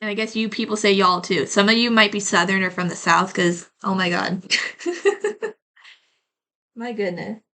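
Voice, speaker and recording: A woman tarot reader talks straight to her viewers in a loose, rambling way, leaning on "like" as filler and calling them y'all. Her voice sits at a mid pitch with a crisp, bright edge. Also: fairly even intonation, a little fast, hardly any pauses. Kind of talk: casual collective tarot reading to camera.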